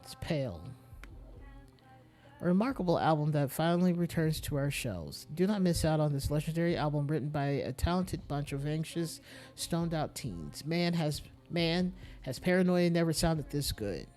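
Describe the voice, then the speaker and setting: Quiet wry game streamer. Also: mid-range voice, lively intonation, moderate pace. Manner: quiet, wry, reads item names aloud. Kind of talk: casual game commentary. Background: faint game music.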